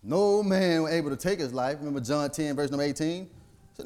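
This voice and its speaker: A man's voice: a little high, a little fast, darkish tone. A man preaching a sermon, quoting scripture by chapter and verse and rising to near-sung emotional peaks.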